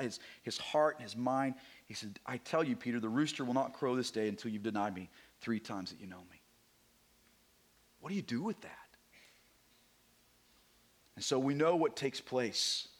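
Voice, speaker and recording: High-voiced guy preaching a sermon, gets quiet then builds up loud, repeats words. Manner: swings from hushed to emphatic, repeats words when building a point. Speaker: pastor.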